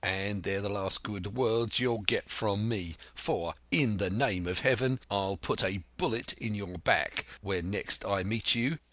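A man voicing a stern older ship's captain in an audiobook, speaking in a slow, clipped, commanding way. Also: fairly low pitch, a bit bright, dry recording. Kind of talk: audiobook character voice.

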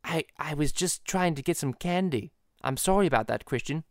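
A man voicing a pompous cartoon baby boy who stammers and speaks in soft, hesitant tones. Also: a little high, animated, normal speed, no room sound, studio quality, pitched below the performer's own voice. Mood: timid apologetic. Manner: timid, stammering apologies.

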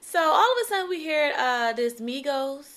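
A young woman co-hosting a casual chat podcast, telling stories in an animated way and acting out what people said. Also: sits high, normal speed. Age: young adult. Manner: animated storytelling, acting out quotes. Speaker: podcast co-host.

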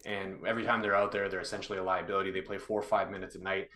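Low-voiced man in an echoey room. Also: flat delivery, sharp tone. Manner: analytical, measured, filler-heavy. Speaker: co-host. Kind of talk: casual hockey livestream chat.

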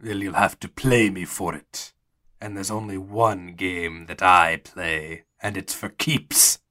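Man putting on a menacing gambler, low voice, slow drawl, quiet, tabletop game. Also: steady tone, exaggerated voice. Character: cold, menacing male gambler gunslinger.

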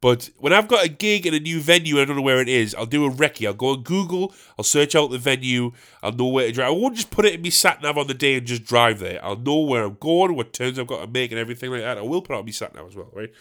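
A man's voice: medium pitch, expressive, fast talker, hardly any pauses, fairly bright tone. A young man, a stand-up comedian, hosting a solo podcast in a rambling, candid, sweary way.

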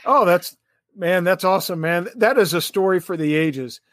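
A man's voice: high-pitched, normal speed, fairly bright tone, no echo, clean studio sound. A middle-aged man hosting a podcast, chatting enthusiastically and repeating himself. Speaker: podcast host. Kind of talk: casual chat.

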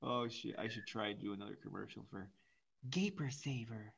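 A man's voice: lowish voice, fairly quick, vocal fry, a bit bright. A man co-hosting a podcast, trading crude jokes and mock commercials and laughing often. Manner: laughs often, joking and raunchy. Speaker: podcast co-host. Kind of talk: crude comedic banter and fake ads.

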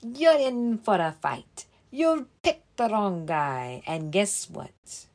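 A woman voicing a small, scrappy male leprechaun who boasts loudly in a storybook reading. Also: medium pitch, sing-song, extremely slow, voice pushed up, full character voice. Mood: boastful.

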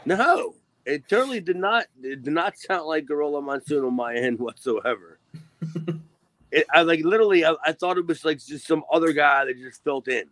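Brief: ex-wrestler guest, easygoing and profane, slightly high voice, dry mic. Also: male voice, animated, normal speed, a bit bright, no room sound. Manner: rambling, laughing, lots of restarts and cussing. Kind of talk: casual chat.

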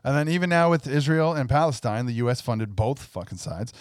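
A man from Canada, a podcast co-host, lays out blunt political opinions in plain, declarative sentences. His pitch is middling for a man. The recording is close and dry. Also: lively intonation, fairly quick, no room sound. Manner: blunt, declarative, with frequent short agreements. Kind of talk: casual political commentary.

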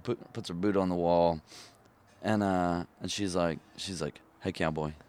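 Deep-voiced man telling a rambling story. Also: a little slow, clear, resonant tone. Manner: rambling, relaxed, many fillers, laughs at own story. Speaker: musician guest. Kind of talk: casual storytelling chat.

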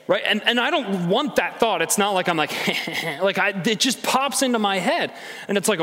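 A man preaching a sermon to a congregation, conversational and animated, acting out inner voices. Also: high-pitched, normal speed, big-room sound. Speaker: pastor.

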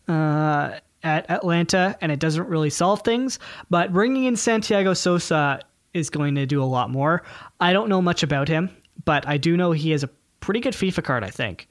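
A man's voice: fairly high pitch, no echo, studio quality. A man co-hosting a casual sports podcast, joking, rambling and poking fun at himself. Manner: joking, self-mocking and rambling. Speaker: podcast co-host. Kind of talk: casual chat.

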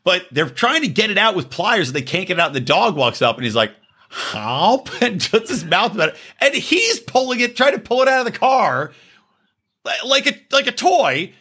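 A man hosting a podcast tells a story in casual chat. His voice is bright and slightly husky, with a pitch that swings widely as he gets excited. He laughs often as he talks. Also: normal speed. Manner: animated, laughing, jumps into high exclaims. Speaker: podcast host.

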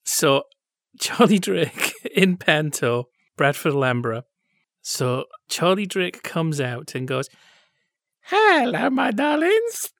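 A man with a slightly raised pitch talks with nerdy enthusiasm and laughs readily. His delivery is casual and upbeat. The recording is dry, with no room sound. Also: takes it slowly, fairly bright tone, no room sound. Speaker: podcast co-host. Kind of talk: casual chat about old television.

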